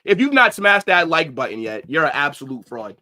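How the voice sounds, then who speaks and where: A man ranting angrily on a football livestream, profane, swinging from shouts to low mutters. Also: sing-song, fairly quick. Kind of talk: livestream rant.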